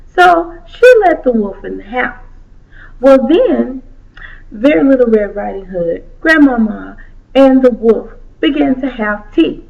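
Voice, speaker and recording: Woman storyteller, lively pitch, slightly high, slow children's story delivery. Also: creaky. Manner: slow and expressive, sing-song. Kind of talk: children's story told aloud. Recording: dull lo-fi recording.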